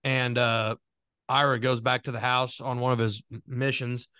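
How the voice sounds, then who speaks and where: A man co-hosting a casual podcast chat, telling hunting stories with quick bursts of laughter. His voice sits at an ordinary middle pitch. The sound is dry and close, with no room around it. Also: little pitch movement, pushed and bright, clear, resonant tone, dry recording. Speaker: podcast co-host.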